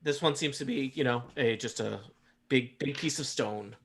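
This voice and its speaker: A man with a medium-pitched voice runs a tabletop game as its game master. He describes the scene loosely, stopping often on ums and uhs. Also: moderate pace, vocal fry, fairly bright tone, husky. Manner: rambling, lots of uh and um fillers. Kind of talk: narrating a tabletop game, casual.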